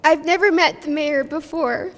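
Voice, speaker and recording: A woman's voice: high voice, fairly even intonation, noisy background. Emotional young woman in a reverberant hall. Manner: emotional, halting, with nervous laughs and fillers. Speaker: community advocate speaker. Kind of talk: emotional public speech. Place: press conference in a large hall.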